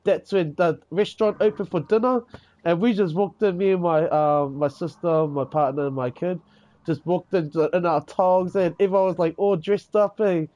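A man's voice: high-pitched, steady tone, moderate pace, mellow, dull audio. A man from New Zealand with a New Zealand accent, chatting casually in a game's voice chat, rambling, swearing freely and tagging on "eh" and "bro". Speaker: gamer in voice chat.

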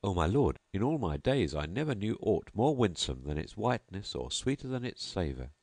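A man's voice: on the low side, very animated, normal speed, darkish tone, husky, dry recording, full character voice. A man voicing a starving poor beggar who speaks meekly and politely. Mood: humbly polite. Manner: meek, pleading.

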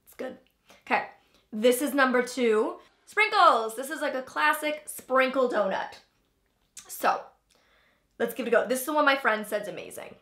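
Bright, chatty young woman in an echoey room. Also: high-pitched, expressive, moderate pace, pauses often. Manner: chatty, filler-heavy, talks while chewing. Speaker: vlogger host. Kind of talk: casual taste-test chat.

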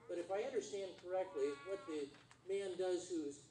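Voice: mid-range voice, normal speed, mellow. Conversational pastor preaching in an echoey church. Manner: conversational, quizzes the congregation. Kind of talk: sermon. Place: church sanctuary. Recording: roomy church hall from far off, faint noise.

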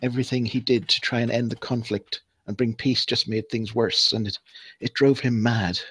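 A man voicing an injured woman who speaks flatly and without emotion in a tabletop game. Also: medium pitch, normal speed, slightly rough, dry recording. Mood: flat, dazed. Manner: flat, emotionless storytelling.

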